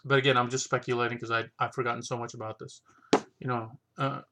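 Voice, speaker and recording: A man's voice: mid-range voice, flat delivery, fast, background noise. A man talking casually through his collection of books, thinking aloud and rambling with many restarts and fillers. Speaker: vlogger reviewing his chess books. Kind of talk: casual unscripted talk.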